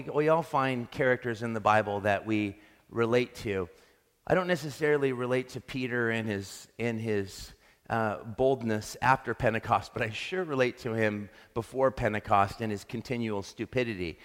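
A man's voice: medium pitch, fairly bright tone. A man preaching a sermon as pastor, earnest and reflective, often restarting his sentences. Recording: long reverb of a large hall.

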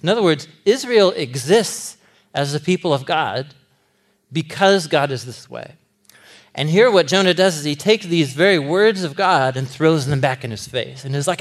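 Animated conversational preacher, a man. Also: on the high side, normal speed. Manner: conversational, animated, laughs often, many fillers. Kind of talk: sermon.

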